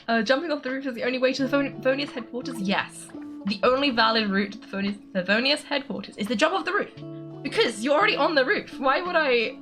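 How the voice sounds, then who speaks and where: A woman's voice: sits high, bright, forceful tone. A young woman streamer chatting casually while she plays a game, laughing often. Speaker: gaming streamer.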